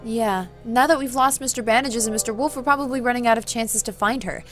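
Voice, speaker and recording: A woman's voice: fairly high pitch, fairly even intonation, fast talker, fairly bright tone, soft background music, pitched above the performer's own voice, natural voice. A woman reading the lines of a nervous but curious young heroine in a visual novel, in a plain, slightly anxious way. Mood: uneasy.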